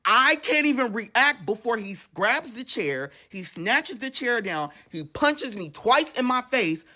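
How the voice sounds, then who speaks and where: A man's voice: sits high, bright, forceful tone. Emotional, profane male storyteller. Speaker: storytelling vlogger. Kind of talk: personal storytime.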